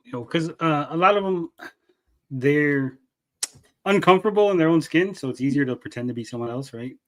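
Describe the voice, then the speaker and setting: A man's voice: fairly high pitch, animated, a little fast. Man, casual podcast co-host, blunt jokey delivery. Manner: laid-back, joking, blunt. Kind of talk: casual chat.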